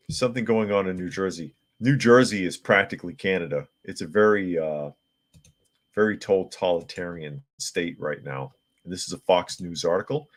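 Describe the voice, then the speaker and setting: Man, very low voice, podcast host, blunt casual commentary, stumbling restarts. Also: normal speed. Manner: opinionated, reads viewer comments and articles aloud; frequent restarts and filler words. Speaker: podcast host reading chat and news. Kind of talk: casual live-stream commentary.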